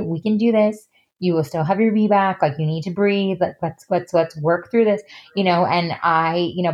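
A woman in her thirties shares a personal story as a podcast guest. Her voice sits a little low, and she talks in a loose, candid way, leaning heavily on "like" and "you know" as she goes. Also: darkish tone. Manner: chatty, heavy use of fillers like "you know" and "like".

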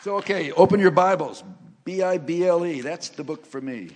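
A man preaching a sermon and sharing his testimony in a church, joking as he tells stories and rising to loud, emphatic lines. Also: high-pitched, moderate pace, a little hiss or hum. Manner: animated, joking storyteller who rises to loud emphasis. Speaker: guest preacher. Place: church sanctuary. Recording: long reverb of a large church hall.

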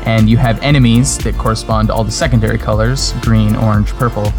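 A man hosting a casual podcast about games, easygoing and agreeable in quick back-and-forth chat. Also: lowish voice, steady tone, music in the background. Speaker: podcast host.

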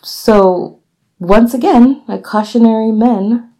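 A woman's voice: fairly high pitch, takes it slowly. A young woman co-hosting a podcast, chatting casually and giggling as she retells a legend. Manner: giggly, relaxed, with fillers. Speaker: podcast co-host. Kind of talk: casual chat, telling a legend.

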